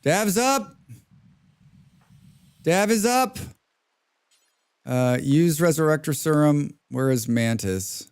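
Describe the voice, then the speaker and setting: A man with a slightly higher-than-usual voice streams a game live. He talks in a loose, chatty way, drifting into rants and thanking viewers between moves. The delivery is casual and unscripted. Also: expressive, slow pace, pauses often, a little mellow, clean tone. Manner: chatty, ranting, reads out chat names. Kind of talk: casual live-stream commentary while playing.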